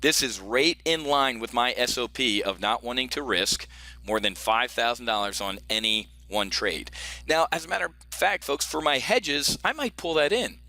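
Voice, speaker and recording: A man's voice: mid-range voice, expressive, normal speed, bright, forceful tone. A middle-aged man coaching options trading from home, talking through a screen-share lesson in a brash, joking way and calling his viewers "folks". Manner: brash, jokey, talks straight to viewers as folks. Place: home office.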